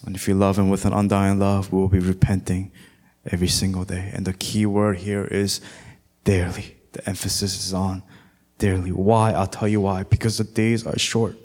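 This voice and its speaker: A pastor delivers a slow, emphatic sermon that climbs into loud, high exhortation, at times breaking into sung lines of scripture. His pitch moves very little.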